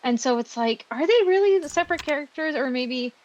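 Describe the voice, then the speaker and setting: High-voiced woman asking questions. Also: fairly quick, lo-fi sound, a little hiss or hum. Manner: curious, asks questions, excitable. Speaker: co-host. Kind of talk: casual gaming chat.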